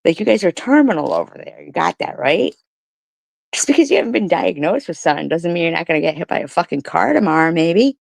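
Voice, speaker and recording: A woman's voice: fairly low pitch, animated, fast, creaky, no room sound. A woman doing profane, mocking commentary, firing back sarcastic rhetorical questions at her critics. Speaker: commentary streamer. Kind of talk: ranting commentary on comments read aloud.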